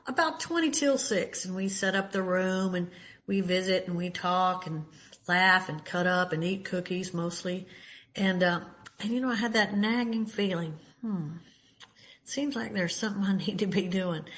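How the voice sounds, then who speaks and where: A woman's voice: medium pitch, a bit bright. An older woman from Texas with a Texan accent, speaking at a recovery meeting in a folksy, chatty way with many fillers and restarts. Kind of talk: personal share at a meeting.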